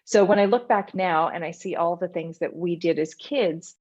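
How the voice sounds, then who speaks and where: A woman from Canada talks as a podcast guest in a casual, animated way, spinning stories as she goes. Her voice sits on the lower side. The recording sounds dull and lo-fi. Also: normal speed. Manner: chatty, animated storyteller. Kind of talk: casual interview conversation.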